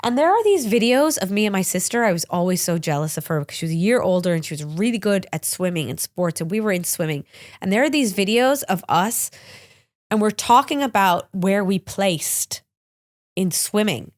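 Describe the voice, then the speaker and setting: A woman's voice: medium pitch, animated, normal speed. A woman hosting a podcast, candidly telling personal stories in a chatty, open way, sounding a little congested and sniffly. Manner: chatty, open, with frequent "like" and restarts. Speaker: podcast host.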